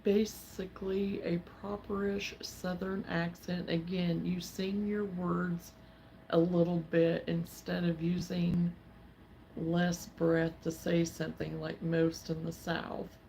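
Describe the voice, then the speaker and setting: A woman hosting a crafting livestream, chatting casually and in a halting way as she replies to viewer comments. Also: lowish voice, level tone, creaky, dark tone, a little hiss or hum. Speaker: livestream host. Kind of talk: casual chat while crocheting.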